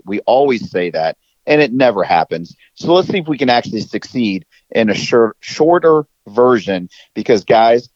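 A man co-hosting a casual podcast, telling stories in an excitable, slangy way. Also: mid-range voice, dry recording, lo-fi sound. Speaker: podcast co-host.

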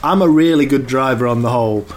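A man's voice: mid-range voice, fast talker, a little hiss or hum. A man, co-hosting a podcast in casual chat and telling stories animatedly with frequent laughter. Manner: animated storyteller, laughs often. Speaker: podcast co-host.

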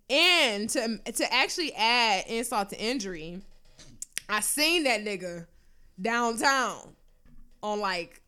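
A young woman with a bright, forceful voice pitched a little high tells a story in loose, casual chat. She talks in an animated way and swears freely.

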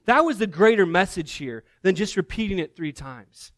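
A man giving a sermon as a guest preacher, telling the story in an animated, conversational way with casual asides. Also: sits high, moderate pace, few pauses, no echo.

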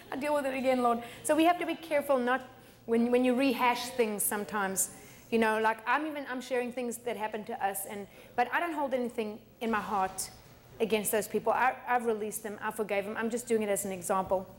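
A woman's voice: a little high, a little fast. A middle-aged woman pastor preaching a sermon in a chatty way, often laughing and repeating words. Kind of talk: sermon teaching.

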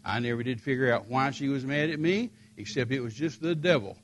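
In a mid-range voice at a slightly fast pace, an older American preacher shares dramatic personal stories as sermon material. He's animated throughout, taking on the voices of the characters he describes.

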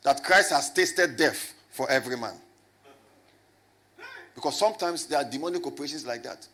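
A man preaching a lively sermon as a pastor, swinging from loud shouts to low asides and calling on the congregation to answer. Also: moderate pace. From Ghana. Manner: animated, rising to shouts and dropping low, with call and response.

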